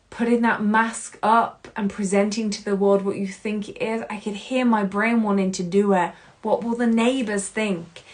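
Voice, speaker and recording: A woman hosting a solo podcast, talking in an earnest, heartfelt way that swings between loud and hushed. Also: medium pitch. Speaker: podcast host.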